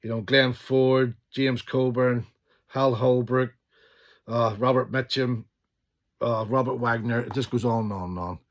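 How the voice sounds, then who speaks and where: A middle-aged man, enthusiastically chatting about favourite films and swearing casually, often trailing off into quieter asides. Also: mid-range voice, steady tone, a little slow. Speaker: channel host. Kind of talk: casual film collection chat.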